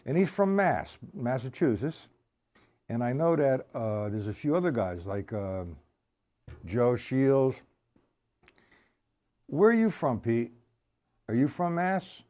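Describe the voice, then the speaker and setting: A man's voice: medium pitch, very animated, slow pace, pauses often, dark tone. A middle-aged man, teaching drums on a live stream, chatting with viewers and explaining each stroke step by step while counting beats aloud. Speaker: drum teacher. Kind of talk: live-streamed drum lesson.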